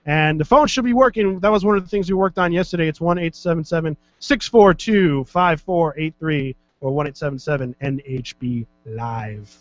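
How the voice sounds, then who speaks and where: A man with a high voice hosts a loose, joking chat and swears freely. The sound is dull and lo-fi, dry and close. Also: moderate pace, hardly any pauses, no echo. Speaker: podcast host. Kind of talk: casual chat. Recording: dull, lo-fi dry studio audio.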